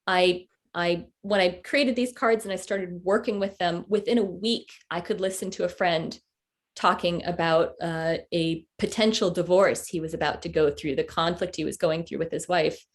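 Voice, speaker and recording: A woman in her forties, telling a personal story with halting, heartfelt pauses and fillers as a workshop presenter on a video call. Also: on the low side. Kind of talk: storytelling talk to an online group.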